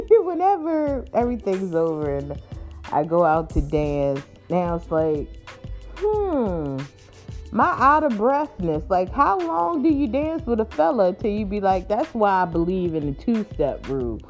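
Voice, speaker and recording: A woman's voice: mid-range voice, big pitch swings, moderate pace, faint music behind. A woman telling a funny personal story in a chatty, playful way, laughing often and calling her listeners y'all and honey.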